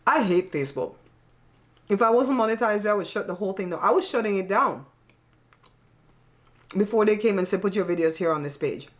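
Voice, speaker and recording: A middle-aged woman eats while chatting casually on her own channel, animated and a little fast but with long pauses. Her voice is medium-pitched. She talks bluntly and frankly, laughs a lot and swears lightly.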